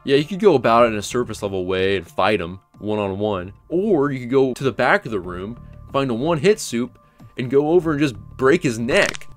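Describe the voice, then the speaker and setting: A man's voice: mid-range voice, animated, fairly quick, faint music behind. Young man narrating a casual game analysis. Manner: casual, blunt and profane. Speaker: gaming YouTuber.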